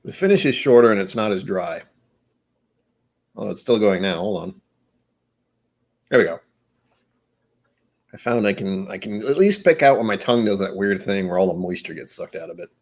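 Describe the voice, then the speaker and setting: A man with a somewhat low voice talks his way through a live tasting session. He muses aloud and wanders off track, then gently pokes fun at himself. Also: animated, moderate pace, long pauses. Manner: rambling, musing, self-deprecating. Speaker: host of a whiskey tasting stream. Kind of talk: casual live-stream chat while tasting.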